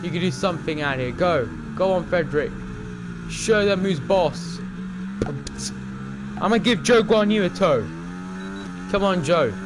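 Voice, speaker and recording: A young man streaming a racing game live, talking to the other drivers and calling his own laps in excited commentary. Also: sits high, unhurried, long pauses, noisy background.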